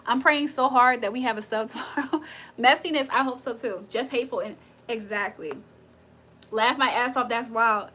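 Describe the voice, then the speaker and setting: Bright high-voiced woman chatting on a livestream. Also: moderate pace. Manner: chatty, laughs often, swears freely. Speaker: tarot reader and livestream host. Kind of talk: casual livestream storytelling and chat.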